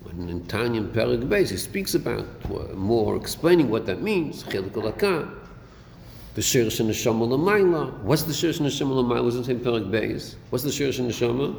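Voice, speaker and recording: A man's voice: mid-range voice, expressive, normal speed, vocal fry, a little mellow. Man teaching in an echoey hall. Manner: questioning, rhetorical, mixes Hebrew terms into English. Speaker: Torah teacher. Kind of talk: classroom lecture on Chassidic text. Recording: echoey hall recording with faint noise.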